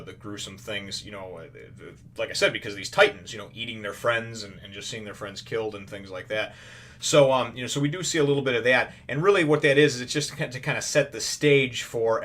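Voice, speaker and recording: A man's voice: mid-range voice, a bit bright. A man hosting a casual anime review, recapping an episode in a rambling, conversational way with occasional swearing. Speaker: anime reviewer, show host.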